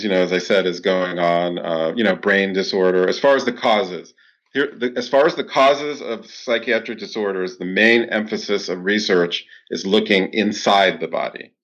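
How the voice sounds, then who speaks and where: Deep-voiced guy explaining stuff, lots of "you know", kinda dull lo-fi sound. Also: fairly bright tone. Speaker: clinical psychologist guest. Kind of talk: interview answers.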